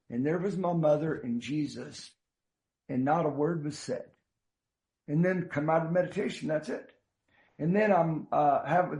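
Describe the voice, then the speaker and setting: A man in his fifties or older shares his recovery story with earnest, halting warmth, often restarting his sentences and dropping in a casual "man.". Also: a little high, gravelly. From United States. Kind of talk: heartfelt personal storytelling.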